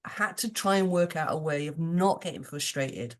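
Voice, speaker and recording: A woman's voice: deep voice, normal speed, crowd noise. A British woman, a podcast guest, chatting casually in a rambling, earnest way with many restarts. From United Kingdom.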